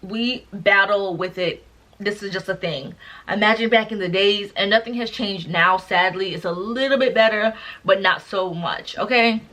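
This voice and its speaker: Bright-voiced chatty young woman. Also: medium pitch, normal speed. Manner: chatty, addresses viewers as y'all and you guys. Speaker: vlogger. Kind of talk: casual storytelling to camera.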